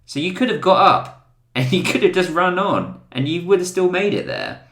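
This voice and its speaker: A male podcast host, excitable and jokey, in casual chat. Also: high voice, normal speed, vocal fry, echoey room.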